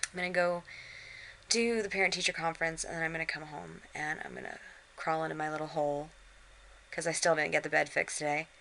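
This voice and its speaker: A middle-aged woman with a low yet bright, sharp-edged voice talks casually into a handheld camera while lying in bed. She sounds drained and unwell, and her words come out weary. A faint hiss sits under the recording. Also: fairly even intonation, brisk, vocal fry, low-quality recording. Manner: tired, drained, talking from bed. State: unwell and worn out. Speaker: vlogger. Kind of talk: casual vlog chat. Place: bedroom, in bed.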